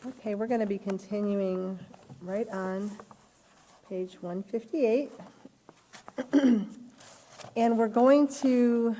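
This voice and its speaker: Animated woman teacher reading scenarios. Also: on the high side, takes it slowly, long pauses, slight background noise. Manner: animated, reads aloud and acts out quoted speech. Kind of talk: live online class lesson.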